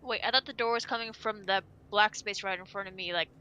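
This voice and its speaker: A woman's voice: mid-range voice, quick pace, sharp tone, clean tone. A woman playing a tabletop game, asking one question after another about the scene. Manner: inquisitive, asks many questions. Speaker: player.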